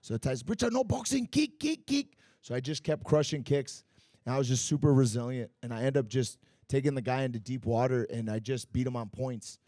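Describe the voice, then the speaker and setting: A Muay Thai fighter telling stories in a casual podcast interview at a bar and grill, animated and profane, full of fillers. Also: male voice, medium pitch, fairly quick, no echo, clean studio sound.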